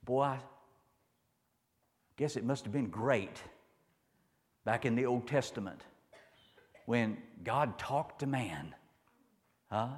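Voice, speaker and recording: A man's voice: mid-range voice, expressive, slow pace, long pauses, big-room sound. A man preaching a sermon in a folksy, storytelling way, repeating his phrases and asking the listeners "huh?".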